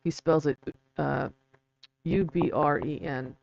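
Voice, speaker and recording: Slow talking host w a gravelly fry, spelling stuff out, kinda muffled lo-fi sound. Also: medium pitch, steady tone, a little hiss or hum. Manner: chatty, self-deprecating, chuckles between points. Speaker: video host explaining a manuscript. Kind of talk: casual explainer, reading aloud and spelling out letters.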